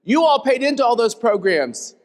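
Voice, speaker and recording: A man's voice: very high voice, sing-song, moderate pace, a little mellow. A man hosting a stage panel discussion, talking in an emphatic, upbeat way. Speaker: conference host. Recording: long hall reverb.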